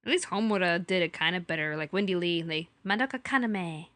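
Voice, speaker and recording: Young woman cohosting a chill podcast, bright voice, kinda sleepy and jokey. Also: lowish voice, quick pace, no echo. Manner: laid-back, sleepy, joking. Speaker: podcast co-host. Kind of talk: casual chat.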